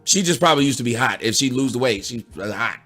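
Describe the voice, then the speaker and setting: A woman's voice: extremely low pitch, animated, fast, a bit bright, soft background music. A woman giving sarcastic, indignant reaction commentary. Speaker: commentator answering a critic.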